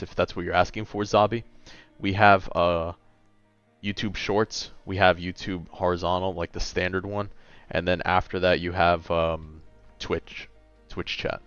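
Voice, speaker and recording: A man's voice: low voice, little pitch movement, a little slow, a bit bright, clean tone, no echo, muffled recording, soft background music. A man in his late twenties chatting casually and a little tiredly on a gaming livestream, reading and answering chat. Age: late 20s. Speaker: gaming streamer.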